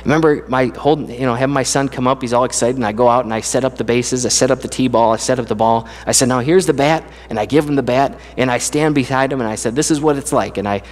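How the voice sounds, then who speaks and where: A middle-aged man preaching a sermon as a pastor, with earnest, conversational delivery that lifts in pitch when he speaks of praise. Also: fast talker, few pauses. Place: church sanctuary. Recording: long church hall reverb.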